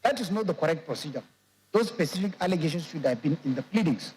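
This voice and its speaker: Man, Nigerian English accent, judge, reading a judgment aloud, formal and measured, fairly high voice. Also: expressive, darkish tone, slight background noise, low-quality recording. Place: courtroom.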